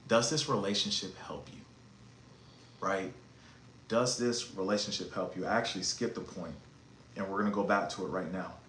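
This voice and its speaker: A man hosting a casual podcast monologue, talking in an emphatic, animated, slangy and preachy way. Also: deep voice, a little hiss or hum. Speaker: podcast host. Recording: echoey room with faint ambience.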